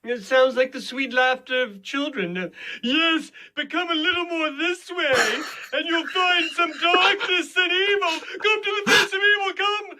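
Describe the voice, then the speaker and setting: A man voicing a pompous evil villain who greets the listener in a high, theatrical voice with sinister laughs, in a recorded comedy video greeting. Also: fairly even intonation, normal speed, few pauses, bright, forceful tone, full character voice. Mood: hammy sinister. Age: older.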